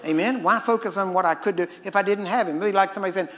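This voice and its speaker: A man's voice: sits high, fast, few pauses, fairly bright tone. A middle-aged man preaching a sermon in a conversational way, often asking his listeners "Amen?" and acting out the voices he quotes. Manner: acts out quoted voices and chuckles mid-point.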